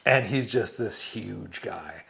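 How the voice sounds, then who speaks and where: A man's voice: lowish voice, slow pace, gravelly. A man, a retired army medic from the United States, telling war stories in an interview, acting out the quotes and laughing often. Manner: animated storyteller, laughs often, acts out quotes. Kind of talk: storytelling interview.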